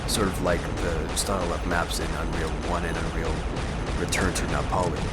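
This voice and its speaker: A man giving voice-over commentary on a game walkthrough, talking in a thoughtful, analytical way with frequent hedges. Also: low voice. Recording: voice over loud game music.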